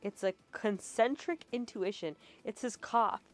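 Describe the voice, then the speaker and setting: A woman's voice: fairly high pitch, measured pace. A woman streamer casually live-translating a game, with chatty, laughing asides. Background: game music.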